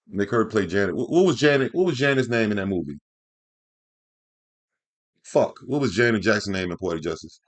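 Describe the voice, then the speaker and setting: A man's voice: medium pitch, a bit bright. A man hosting casual reaction commentary, talking loosely and profanely, rambling, stumbling and repeating himself. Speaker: commentary host reacting to clips.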